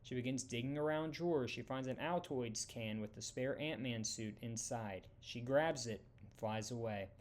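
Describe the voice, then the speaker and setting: A young man reading out a fan-made story in a plain, even casual narration. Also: medium pitch, normal speed, hardly any pauses.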